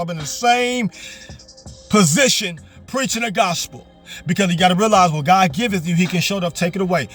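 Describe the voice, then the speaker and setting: Sitting in his parked car, a young man gives a motivational sermon that is fervent and full of repetition. Faint music runs beneath his fairly bright voice, which sits high for a man.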